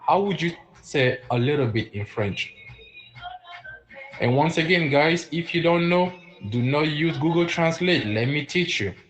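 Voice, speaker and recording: A man's voice: fairly high pitch, lively intonation, fairly bright tone, faint music behind, poor audio. Chatty man teaching French live. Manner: repeats words slowly and clearly, chatty, reacts to viewer comments. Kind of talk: live-streamed language lesson.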